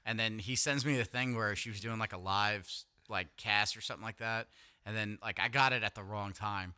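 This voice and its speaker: A man's voice: fairly low pitch, brisk, sharp tone, clear, resonant tone. A man co-hosting a podcast, telling a rambling, filler-heavy anecdote in casual chat and laughing at himself.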